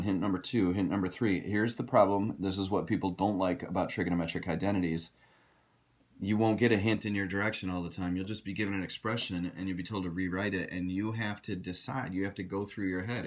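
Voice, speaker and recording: Deep-voiced guy walking students through math, direct teacher talk. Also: steady tone, brisk. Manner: direct, instructive, addresses students as you guys. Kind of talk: recorded math lesson.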